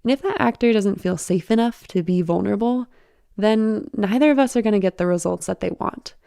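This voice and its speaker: A woman's voice: mid-range voice, brisk, creaky, clear, resonant tone, no echo, clean studio sound. A woman, a former audio producer, speaking as an interview guest in a thoughtful, explanatory way. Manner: thoughtful, explanatory, warmly instructive.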